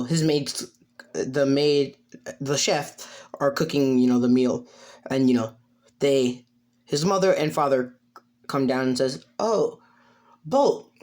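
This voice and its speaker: A man's voice: mid-range voice, darkish tone. A man narrating an improvised fan story, hesitant, full of fillers and self-corrections.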